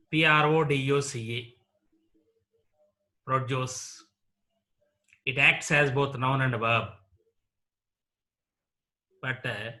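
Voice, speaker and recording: Male English lecturer with an Indian English accent. Slow, drilling delivery. Bright, keen tone. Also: medium pitch. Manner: slow, deliberate, repeats example words for drill. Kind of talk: classroom lecture on word stress.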